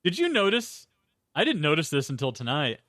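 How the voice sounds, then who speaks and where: A young adult man co-hosting a casual film-review podcast, animated, acting out lines he quotes and swearing casually. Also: a little high, fairly quick, no echo, clean studio sound. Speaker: podcast co-host.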